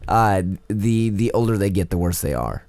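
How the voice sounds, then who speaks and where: A man with a low, warm voice co-hosts a casual podcast. He tells lively, profane stories in a dry, close-miked sound. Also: normal speed, vocal fry, no echo. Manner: animated, profane storytelling. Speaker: podcast co-host. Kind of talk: casual chat.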